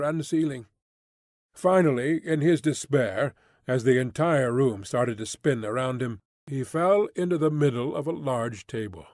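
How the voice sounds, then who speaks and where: A man narrating a classic novella as an audiobook reader, measured and expressive. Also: on the high side, dry recording, studio quality. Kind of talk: scripted literary narration.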